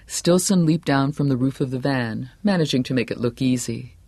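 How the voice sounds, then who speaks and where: A man reading a novel aloud in steady, scripted narration, dropping to a quieter voice for the hero's thoughts. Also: medium pitch, moderate pace, no echo. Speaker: audiobook narrator.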